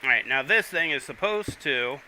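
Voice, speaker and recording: Very bright-voiced male game streamer. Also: mid-range voice, lively intonation, normal speed, slight background noise, low-quality recording. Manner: chatty, rambling, talks to chat while playing. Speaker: livestream host. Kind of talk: casual gaming livestream chat.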